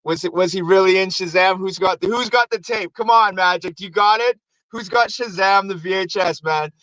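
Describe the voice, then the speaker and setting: A man's voice: sits high, normal speed, no echo, rough recording. A man hosting a show, casually recapping a movie with lots of swearing and acted-out quotes. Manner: animated, acts out quotes in raised voices. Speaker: show host.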